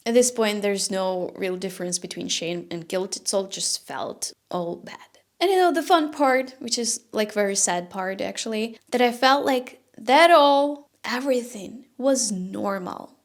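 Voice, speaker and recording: A woman's voice: medium pitch, measured pace, hardly any pauses. A young woman talking candidly to camera in a personal vlog, emotional and close to tears, laughing nervously between sentences. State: close to crying. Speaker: vlogger.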